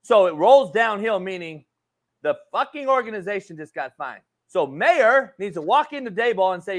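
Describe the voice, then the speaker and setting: Man, sports show host, high voice, wildly swinging pitch, profane heated rant. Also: sing-song, normal speed. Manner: profane, ranting, says homie a lot.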